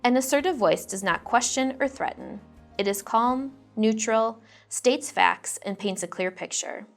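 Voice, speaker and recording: Woman trainer with a gravelly voice. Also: fairly high pitch, faint music behind. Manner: measured, reads out example phrases clearly. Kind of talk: scripted instructional narration.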